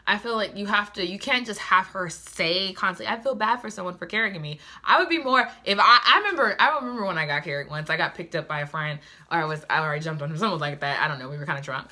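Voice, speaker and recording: Sassy, bright-voiced woman book reviewer. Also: lowish voice, fast, few pauses. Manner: sassy, chatty, animated asides. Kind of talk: casual book review vlog.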